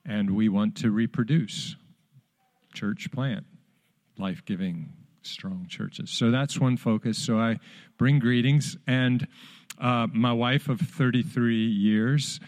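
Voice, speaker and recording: A man's voice: mid-range voice, slow, a little mellow. A man in his fifties, a visiting pastor, giving friendly, plainspoken greetings to a congregation. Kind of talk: church greeting.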